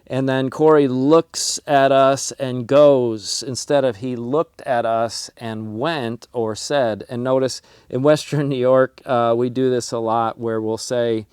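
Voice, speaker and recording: Middle-aged male Bible teacher, smooth resonant voice, chatty delivery that animates its quotes. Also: mid-range voice, steady tone, takes it slowly, few pauses, darkish tone, no echo, clean studio sound. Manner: conversational, repeats words, acts out quoted lines. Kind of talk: classroom Bible lesson.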